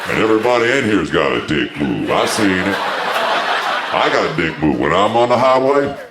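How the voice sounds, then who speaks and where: A man voicing a deep, gravelly, swaggering street-talking guy in a stand-up set, punchy and boastful. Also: sing-song, normal speed, heavy background noise. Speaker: stand-up comedian. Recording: roomy club with loud laughter.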